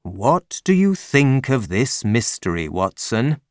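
A man reading an audiobook, voicing a calm, clever detective with a measured, dryly ironic manner. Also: medium pitch, no echo, studio quality.

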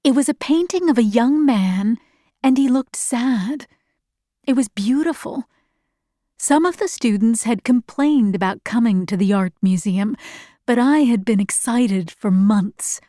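A young adult woman reading a story aloud as scripted narration, calm and even. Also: on the high side, no room sound, studio quality. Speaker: audiobook reader.

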